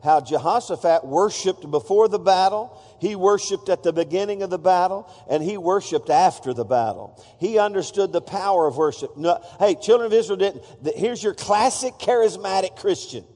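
A pastor with a high-pitched, slightly dark voice preaches a sermon to his congregation in a church sanctuary, talking at normal speed with few pauses. He's playful and feisty, often stopping to joke with the room. The recording carries the long reverb of a church hall.

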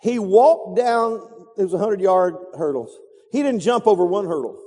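A man's voice: high-pitched, expressive, moderate pace, creaky, dark tone, slightly rough. A man preaching a sermon, telling a story dramatically with sound effects and repetition. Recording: reverberant hall.

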